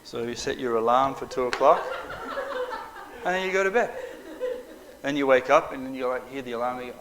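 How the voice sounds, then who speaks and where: A middle-aged man telling personal stories to an audience at a Bible school, animated and joking, acting out the quotes. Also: medium pitch, fast talker, pauses often, noisy background. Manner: animated storyteller, acts out quotes, joking asides. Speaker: preacher. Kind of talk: storytelling talk to an audience.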